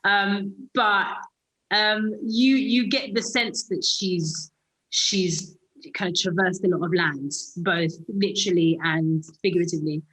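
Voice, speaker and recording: Here she talks slowly in a somewhat low, slightly bright voice, reflecting on her acting part in a relaxed interview. The British woman fills her answers with hesitations and false starts, and the audio quality is poor.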